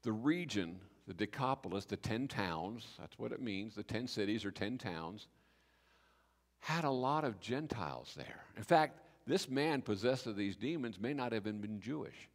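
A man preaching a sermon as pastor, telling the story with lively acted-out dialogue. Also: on the low side, moderate pace. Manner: animated storytelling, acting out biblical speakers in voice. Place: church sanctuary. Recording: reverberant church hall.

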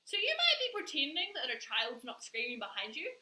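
High bright-voiced woman on a live stream, super animated, kinda echoey room. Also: brisk. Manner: emphatic, repeats words for stress. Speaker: manifestation coach. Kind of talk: live-streamed motivational talk.

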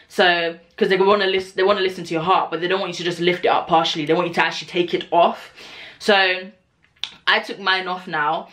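Woman in her twenties, low-pitched with a bright, forceful tone, animated casual storyteller who swears freely. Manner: animated, swearing, acts out dialogue. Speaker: vlogger, cabin crew member.

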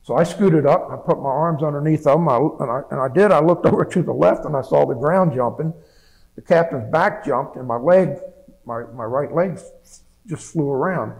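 Speaking at a moderate pace, this seventy-something veteran has a slightly high, creaky voice with a darkish tone. He gives a plain oral history account full of restarts and repeated words, captured on poor audio.

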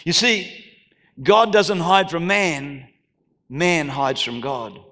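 An Australian pastor with a slightly high voice preaches slowly in a church hall. He calls out to the congregation and builds into shouted declarations.

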